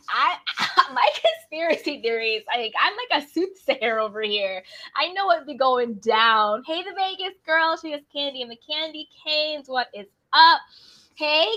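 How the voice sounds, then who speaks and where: A woman's voice: high-pitched, pushed and bright. A woman hosting a casual live stream, greeting viewers by name in a bubbly, chatty way. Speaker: livestream host.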